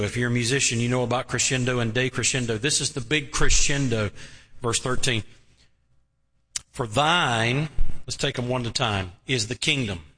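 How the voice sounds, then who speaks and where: Male pastor, bright and forceful, emphatic sermon delivery with drawn-out pauses, heard in an echoing hall. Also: a little high. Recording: long reverb of a large hall.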